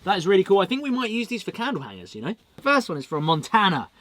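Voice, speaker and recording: A man's voice: high voice, wildly swooping pitch, rapid-fire, a bit bright. A male channel host chatting casually as he reads out viewer mail and thanks the senders.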